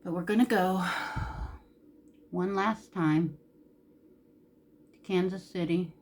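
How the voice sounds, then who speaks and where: A woman's voice: on the low side, steady tone, slow, darkish tone. A woman beauty vlogger talking candidly while doing her makeup, emotional and close to tears at times. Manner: candid, emotional, chatty with Southern-style "y'all". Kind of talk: casual makeup tutorial chat.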